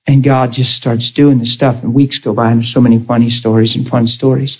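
A man preaching a sermon, telling a personal story with passion and a voice that swings high and low. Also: flat delivery, brisk, breathy edge, muffled recording.

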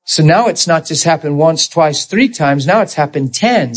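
Husky-voiced man preaching a story. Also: on the high side, normal speed, rough recording. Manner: earnest, animated retelling with quoted dialogue. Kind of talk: storytelling sermon.

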